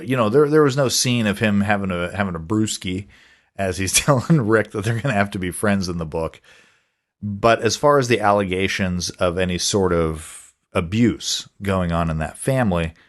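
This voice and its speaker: A man co-hosting a podcast in casual chat, rambling with frequent restarts and chuckles. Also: on the low side. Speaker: podcast co-host.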